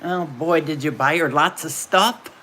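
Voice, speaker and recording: A woman's voice: deep voice, unhurried, sharp tone, a little hiss or hum. A middle-aged woman, chatting casually and telling folksy stories while hosting a livestream. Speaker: livestream host.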